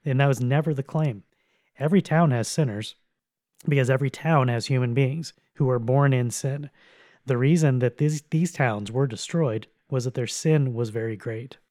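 An earnest man talks through scripture on a theology podcast at a middle pitch, in a dry, close recording. He explains at length and sometimes restarts a phrase. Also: normal speed, darkish tone, dry recording.

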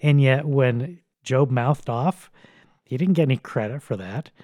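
A man's voice: mid-range voice, a little slow, a little mellow, no room sound, clean studio sound. A man teaching on a Bible passage in a casual, conversational and blunt way, with occasional chuckles.

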